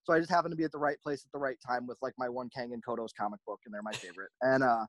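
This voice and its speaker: A man telling stories in a casual chat, rambling and animated, often acting out the voices of people he quotes. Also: mid-range voice, racing, dry recording. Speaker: podcast host, merch company owner.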